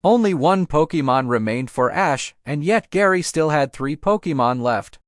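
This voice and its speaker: A man reading a fan fiction audiobook aloud in a steady storybook manner. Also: a little high, normal speed, no room sound, clean studio sound. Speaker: audiobook narrator.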